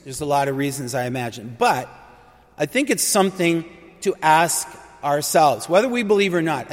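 A man preaching a conversational sermon, telling stories in an earnest, emphatic way. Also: on the high side. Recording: long hall reverb.

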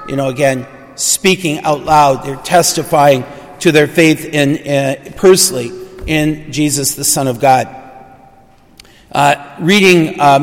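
A man who is a priest, reading the gospel and then giving a conversational homily with fillers and restarts. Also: a little high. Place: church. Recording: long church reverb.

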